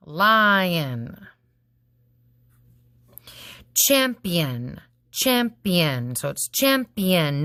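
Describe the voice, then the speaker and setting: A woman teacher walks her class through worksheet answers at an unhurried pace, sounding out each word by syllable. Her voice sits a little low and sounds close and dry, with no room echo. She stays patient and encouraging. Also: fairly bright tone. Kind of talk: recorded classroom lesson going over worksheet answers.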